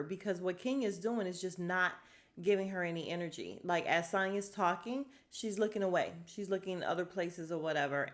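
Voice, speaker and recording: A woman hosting a casual podcast, recapping with a sassy, animated delivery and quick quoted asides. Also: mid-range voice. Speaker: podcast host recapping a reality show. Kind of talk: casual chat.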